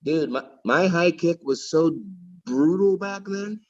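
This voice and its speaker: A husky middle-aged man boasting and swearing in heated livestream banter, insulting his co-host. The audio is dull and lo-fi. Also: on the high side, slow pace. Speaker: livestream host, former fighter.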